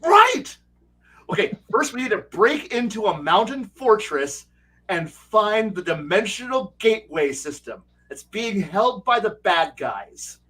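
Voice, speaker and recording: A man telling game master stories in casual livestream chat, excitable and rambling, with frequent swearing. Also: sits high, unhurried, husky. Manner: excitable, rambling, profane storytelling. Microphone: streaming setup mic.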